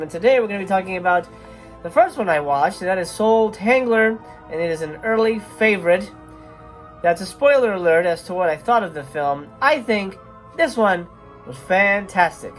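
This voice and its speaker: A woman hosting a casual movie review vlog. She talks in a chatty, hesitant way with many filler sounds. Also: lowish voice. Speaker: movie reviewer and channel host.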